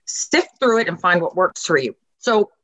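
A woman's voice: on the low side, expressive, normal speed, a bit bright. A middle-aged woman talking casually and emphatically as a parenting coach, acting out the lines she quotes. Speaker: podcast guest, parenting coach. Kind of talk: casual conversation.

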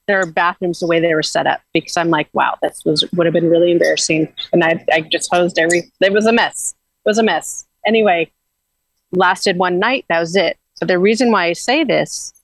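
A woman with a lowish voice talks earnestly and loosely about inner growth, restarting her sentences as she goes. The sound is dry and close, with little room around her. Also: no room sound, poor audio. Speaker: guest. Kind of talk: casual spiritual talk.

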